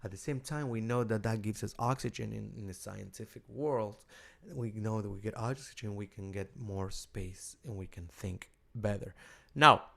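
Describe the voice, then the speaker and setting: Gravelly man teaching, halting restarts. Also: on the low side, sharp tone. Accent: Argentine Spanish. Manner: halting, with many repeated words and restarts. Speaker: rabbi and cantor. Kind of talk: informal teaching talk.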